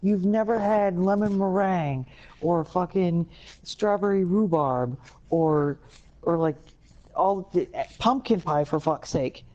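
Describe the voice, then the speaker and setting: A woman co-hosts a casual podcast chat, teasing and incredulous as she rattles off lists. Her tone is dark and mellow. Her audio comes through dull and lo-fi. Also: fairly low pitch, slow.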